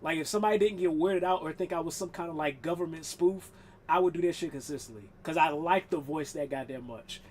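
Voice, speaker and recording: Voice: mid-range voice, a little fast. A live streamer chatting casually while gaming, rambling and swearing, laughing often.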